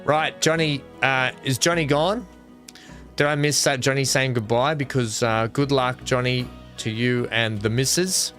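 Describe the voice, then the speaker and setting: Male game streamer, mid-pitched, casual and rambling, self-deprecating, faint music underneath. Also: fairly even intonation, a little slow, a bit bright. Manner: rambling, self-mocking, thinks aloud with many fillers. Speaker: streamer building a theme park in a game. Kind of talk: casual live-stream chat with viewers.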